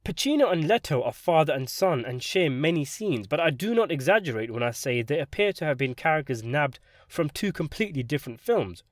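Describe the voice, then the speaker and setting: A man delivering a scripted film review in a sardonic, animated way. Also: a little high, fairly quick, hardly any pauses, no room sound, clean studio sound. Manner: sardonic, animated delivery with sudden jumps for emphasis. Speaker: film critic.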